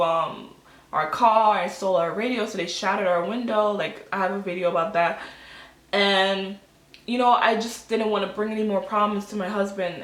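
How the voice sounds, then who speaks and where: A woman in her twenties tells a storytime vlog, chatty and animated, acting out quotes and using lots of fillers. Her voice is medium-pitched and the sound is reverberant.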